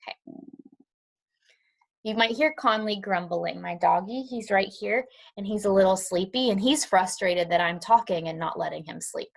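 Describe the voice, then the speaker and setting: A woman's voice: medium pitch, normal speed, creaky. A woman teaching an online lesson to young children from home, encouraging and patient. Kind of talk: online class lesson and read-aloud. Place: at home, dog nearby.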